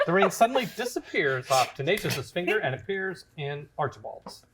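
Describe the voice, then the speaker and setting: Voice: mid-range voice, sing-song, moderate pace, background noise. A host narrating stage directions, then chatting easily with the cast.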